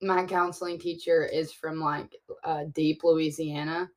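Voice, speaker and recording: A woman's voice: deep voice, unhurried. A woman in her twenties with a Southern US accent, co-hosting a casual chat podcast and acting out quotes as she tells stories. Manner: animated storyteller, acts out quotes. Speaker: podcast co-host.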